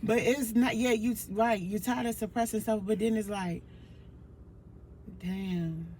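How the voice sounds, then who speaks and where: A woman's voice: mid-range voice, fairly even intonation, a little slow, darkish tone, slight background noise. A woman guest on a casual podcast, emphatic and profane as she retells conversations.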